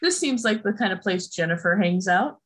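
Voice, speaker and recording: A woman chatting casually about a film with a co-host. She talks in an animated way, laughs often and slips into quick impressions of the characters. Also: medium pitch. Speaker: podcast co-host discussing a film. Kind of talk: casual chat.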